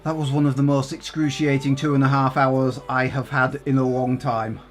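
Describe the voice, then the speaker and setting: A man's voice: mid-range voice, level tone, moderate pace, soft background music. A man doing casual, exasperated game commentary with plenty of swearing. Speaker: gaming YouTuber.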